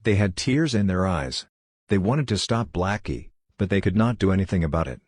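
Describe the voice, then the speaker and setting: A man narrating an audiobook in a steady, matter-of-fact storytelling manner. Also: sits low, moderate pace, no room sound, clean studio sound.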